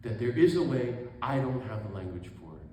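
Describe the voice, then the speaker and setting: A man's voice: medium pitch, very animated, a little fast, dark tone. A man in his sixties, a priest telling a story to an audience, acting out the people in it and laughing often. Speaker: Catholic priest and author speaking. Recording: very echoey hall, faint room noise.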